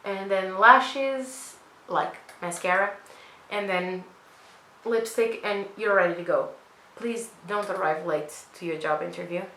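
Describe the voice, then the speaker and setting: A young woman beauty vlogger chats casually while doing her makeup, rambling through asides and poking fun at herself. Her mid-range voice is a little slow, pushed and bright. The recording is low quality, with a roomy sound.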